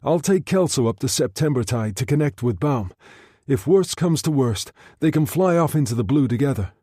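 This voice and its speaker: A man voicing a terse, firm leader who gives short decisive instructions in a dark, low-key voice. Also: lively intonation, normal speed, dry recording, clean studio sound, close to an everyday voice.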